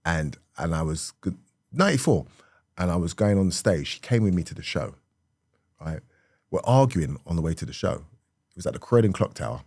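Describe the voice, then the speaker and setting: A middle-aged man, a comedian telling an animated story in conversation, swinging from hushed to loud and laughing often. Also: sits low, brisk, pauses often, no room sound, studio quality. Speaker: comedian guest.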